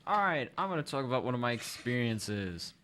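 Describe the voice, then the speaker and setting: A man's voice: medium pitch, sing-song, a little fast, pushed and bright, slight background noise. A teenage man co-hosting a student podcast, chatting casually and telling a story with animation and frequent laughs. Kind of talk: casual chat.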